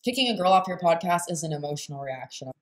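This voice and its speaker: A woman's voice: lowish voice, lively intonation, fast. A young woman hosting a reaction video, talking in a blunt, sarcastic and profane way. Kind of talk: casual reaction commentary.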